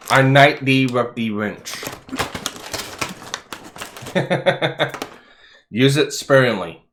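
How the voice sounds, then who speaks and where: A low-pitched man chatting casually as a stream host. He swings from relaxed rambling to sudden excited outbursts, swears casually and laughs a lot. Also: a little hiss or hum. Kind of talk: casual livestream chat.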